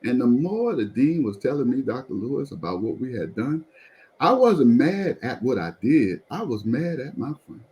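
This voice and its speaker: A pastor telling a personal testimony in conversation, animated and repeatedly drawing the listener in to follow along. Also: male voice, medium pitch, normal speed, poor audio.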